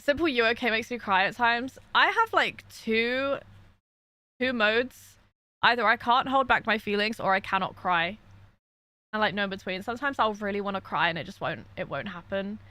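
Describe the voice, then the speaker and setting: A young woman talks frankly to her stream chat from her bedroom, still tearful after crying and venting as she reads messages aloud. Her voice is bright and forward, with a close, dry sound and no room echo. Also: mid-range voice, normal speed. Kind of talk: casual livestream chat.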